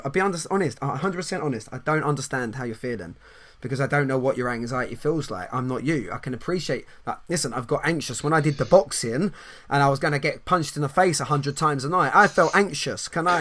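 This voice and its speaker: A man hosting a podcast, talking in casual chat with fast restarts, repeated words and frequent laughs. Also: fairly high pitch, fairly bright tone. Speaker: podcast host and coach.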